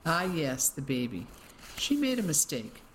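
A storyteller voicing a stiff, self-pitying English gentleman in his sixties who speaks in a clipped way. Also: mid-range voice, big pitch swings, measured pace, slight background noise. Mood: pleading. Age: 60s.

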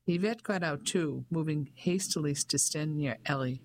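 An audiobook narrator gives the story a steady, measured reading at a middling pitch. The delivery is even and unhurried, scripted and clean. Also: a little hiss or hum.

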